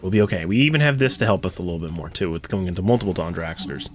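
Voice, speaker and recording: This gaming streamer, a young man, speaks low but with lively intonation and rapid-fire delivery over soft background music. Commenting on his own card game, he rants and swears as his annoyance builds.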